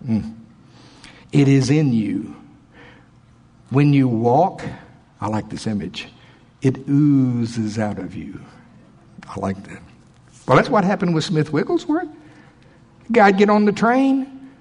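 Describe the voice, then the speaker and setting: A man preaching a sermon in church, swinging between loud emphatic lines and quiet asides. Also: medium pitch, expressive, slow pace, long pauses, husky.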